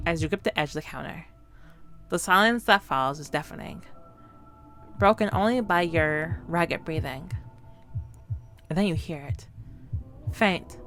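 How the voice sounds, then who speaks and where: A woman's voice: on the low side, a bit bright. A woman streaming a horror game, reading its narration and dialogue aloud and breaking off to react.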